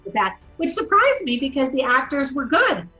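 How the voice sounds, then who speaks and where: Bright-voiced woman co-hosting a film review. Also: high-pitched, very animated, moderate pace, faint music behind, rough recording. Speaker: movie review co-host. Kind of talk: casual review discussion.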